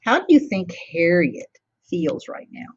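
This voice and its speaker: A woman teacher reading a picture book to children, pausing often to ask them questions. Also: fairly low pitch, sing-song, breathy edge, highs cut off. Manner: warmly interactive, asking children questions.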